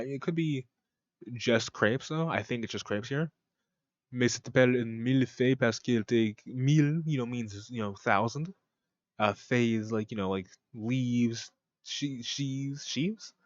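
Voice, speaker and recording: A man's voice: medium pitch, moderate pace, no echo. A man rambles through a casual stream commentary, cracking jokes and slipping into mock French. His voice sits in the middle range. The mic sounds dry and a little dull. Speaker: streamer reacting to a cooking video.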